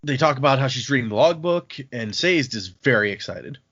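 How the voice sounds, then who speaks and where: Host, male, mid-pitched, animated recapper, muffled lo-fi sound. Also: a little fast. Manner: animated recap, acts out quotes. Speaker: podcast host. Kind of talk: casual book discussion.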